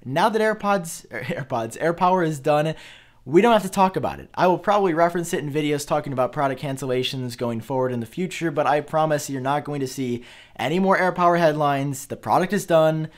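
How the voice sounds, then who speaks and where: Earnest young man vlogging tech news. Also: mid-range voice. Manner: earnest, rambling, with fillers and self-corrections. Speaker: tech YouTuber. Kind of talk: talking-to-camera tech commentary.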